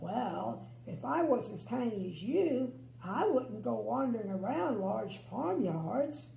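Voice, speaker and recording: Storybook role: grandma doing a big, gentle strong man, deep and kind, slow, with a gravelly edge, in a roomy space. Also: very animated, full character voice. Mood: kindly. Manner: deep kindly fatherly voice. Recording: echoey room with faint hum.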